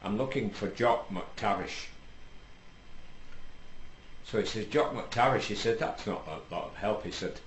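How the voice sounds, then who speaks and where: A deep-voiced British man spins a long comic joke, stalling on ums and restarting his phrases. His voice rings in an echoey room with a faint hiss underneath. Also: expressive, a little slow, pauses often. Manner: rambling, many ums and restarts. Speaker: comic storyteller. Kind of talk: stand-up joke telling.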